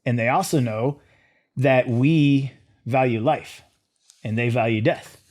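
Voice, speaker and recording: Man, middle-aged, interview guest, lively storyteller, mid-pitched voice. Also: slow. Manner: animated storyteller, acts out his own thoughts in quotes. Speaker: guest, former Green Beret.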